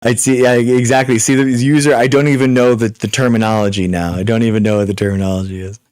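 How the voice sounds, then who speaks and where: A young man hosting a live stream, answering chat questions in a rapid, repetitive, exasperated way with many restarts. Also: medium pitch, level tone, a little mellow, clear, resonant tone, dry recording, clean studio sound. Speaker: livestream host. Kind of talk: live Q and A chat reading viewer comments.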